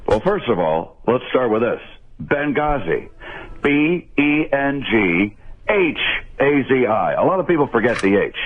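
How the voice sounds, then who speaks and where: A man's voice: medium pitch, a little slow. A man doing a smug crude candidate on a phone line. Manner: smooth campaign-speech delivery, deadpan crude jokes. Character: pandering male presidential candidate, smug and crude. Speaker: prank caller. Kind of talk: comic impression on a radio call.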